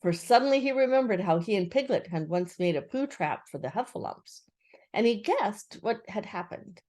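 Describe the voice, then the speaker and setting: A woman's voice: medium pitch, lively intonation, normal speed, a little mellow. An older woman expressively reading a children's book aloud as a storyteller.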